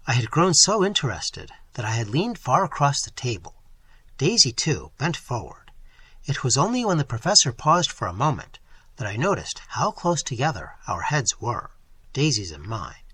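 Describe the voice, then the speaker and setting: Guy narrating an old adventure story, bright husky voice, swoops up and down a lot. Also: mid-range voice, sing-song, normal speed, no room sound. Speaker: audiobook reader. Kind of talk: first-person story narration.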